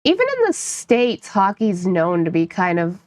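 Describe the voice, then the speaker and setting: A woman's voice: fairly low pitch, big pitch swings, moderate pace, no room sound, studio quality. A woman from upstate New York, chatting casually with her live-stream viewers, playful and laughing often while she teases chat.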